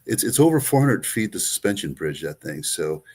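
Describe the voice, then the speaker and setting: Deep-voiced man rambling about travel. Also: very animated, moderate pace, a little mellow, husky. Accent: Greek. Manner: rambling, many fillers and restarts. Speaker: co-host, travel agent. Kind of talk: casual chat.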